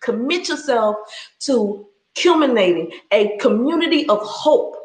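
A woman's voice: a little high, lively intonation, a little slow. A woman in her thirties giving a passionate, preacherly faith-based talk, laughing often as she speaks. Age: 30s. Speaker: speaker sharing her story. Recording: roomy echo.

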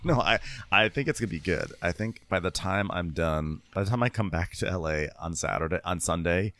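A man's voice: deep voice, fairly bright tone, slight background noise. A man co-hosting a podcast, chatting wryly in a casual recap, recorded from home. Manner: wry, chatty, quick to laugh. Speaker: podcast co-host. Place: home room with thin walls.

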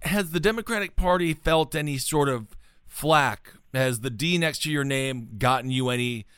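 A man's voice: medium pitch, normal speed, fairly bright tone, clean tone, no room sound, clean studio sound. A man from Wisconsin hosting an interview show, asking questions with playful, jokey asides. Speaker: show host. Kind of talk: casual interview chat.

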